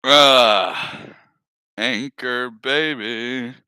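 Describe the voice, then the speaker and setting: A man's voice: mid-range voice, very slow, bright, forceful tone, clear, resonant tone, no room sound, rough recording. A man on a live stream chatting casually, rambling, swearing a lot and laughing often.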